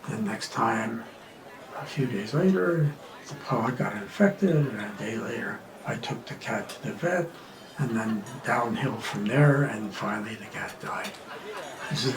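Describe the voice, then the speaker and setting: A man's voice: mid-range voice, measured pace, a crowd in the background. Roomy far-off male joke-teller. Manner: animated storyteller, loud punchlines, drops to near-whispers for asides. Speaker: joke-telling comedian. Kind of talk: telling jokes to an audience. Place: outdoor street performance. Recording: roomy, from a distance with ambient noise.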